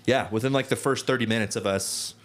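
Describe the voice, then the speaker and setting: Speaking quickly in a mid-range, slightly bright voice, this young podcast co-host wanders through his stories in relaxed conversation. He keeps restarting sentences and leans heavily on "like" and other fillers.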